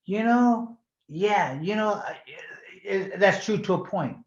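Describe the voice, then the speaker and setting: A man's voice: sits high, slow pace. Talkative sixty-year-old man, echoey lo-fi recording. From California. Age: 60s. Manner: rambling, repeats words, drops into Spanish slang. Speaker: guest, former boxing champion. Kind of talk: casual storytelling interview. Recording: echoey room, dull lo-fi sound.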